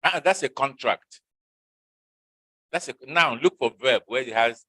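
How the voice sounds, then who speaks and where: A man's voice: medium pitch, animated, unhurried, bright, forceful tone, no echo, poor audio. A man teaching an usage lesson in a classroom, questioning and coaxing his students to answer.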